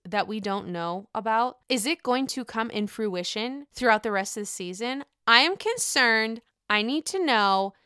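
A young woman recapping a reality show in casual, gossipy talk, swearing freely and acting out what the cast said with big jumps in pitch. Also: sharp tone, smooth, no room sound, studio quality.

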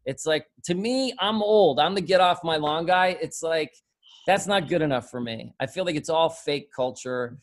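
A middle-aged man chatting casually as a host, rambling and animated, swearing freely and mimicking other people's voices. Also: fairly high pitch, moderate pace. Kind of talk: casual chat.

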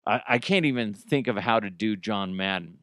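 A man's voice: on the low side, normal speed, fairly bright tone, dry recording, studio quality. A man hosting a casual solo podcast, joking and self-deprecating, laughing often. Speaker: podcast host.

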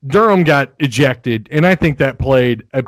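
A man's voice: medium pitch, expressive, moderate pace, no echo, poor audio. A man from Arkansas with a light Southern accent, hosting a casual sports podcast, rambling and laughing often. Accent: Northwest Arkansas Southern. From Fayetteville, Arkansas. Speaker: podcast host.

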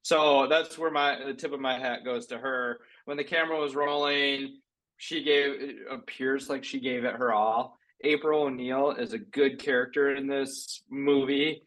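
A man who is a writer-producer, speaking as a podcast guest in a measured way, weighing his words. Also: medium pitch, steady tone, a bit bright, rough recording. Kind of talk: casual chat.

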